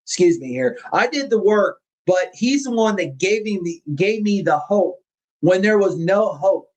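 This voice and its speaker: High-voiced man telling a rambling story. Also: expressive, measured pace, a little mellow, low-quality recording. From Missouri. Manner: rambling, repeats words, gets emotional. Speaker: carnivore diet channel host. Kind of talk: casual livestream storytelling.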